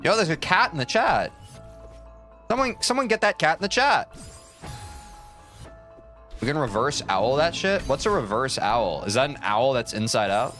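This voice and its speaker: A man's voice: medium pitch, big pitch swings, moderate pace, pauses often, sharp tone, soft background music. A man streaming a platform game, joking and rambling at his chat and mocking himself. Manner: jokey, rambling, self-mocking, talks to chat. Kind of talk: casual live-stream commentary while playing.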